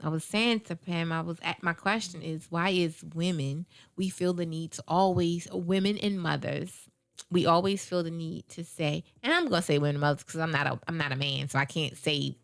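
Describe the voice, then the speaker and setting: A woman's voice: on the low side, fairly even intonation, normal speed, vocal fry, clean tone, no echo, clean studio sound. A woman hosting a radio talk show, chatting casually and emphatically, repeating herself and acting out quotes.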